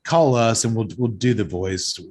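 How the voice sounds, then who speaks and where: A man hosting a podcast and recapping an action movie in lively, sweary casual chat, a little tipsy from several beers. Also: medium pitch, normal speed. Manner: animated, sweary storytelling recap. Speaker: podcast host recapping a film.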